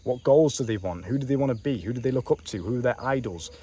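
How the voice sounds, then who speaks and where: A man talks quickly and bluntly, coaching the listener in a casual vlog recorded outdoors. His speech is profane and full of slang, and he addresses the listener directly. Insects and crickets chirp behind him. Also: medium pitch, expressive, dark tone, breathy edge. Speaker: online business coach. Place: outdoors on a bench in a warm country.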